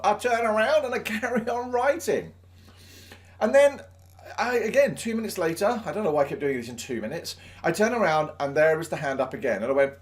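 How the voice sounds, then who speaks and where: A man's voice: a little high, big pitch swings, fairly quick. A man, a teacher, telling a self-mocking anecdote from his teaching life. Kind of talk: storytelling anecdote.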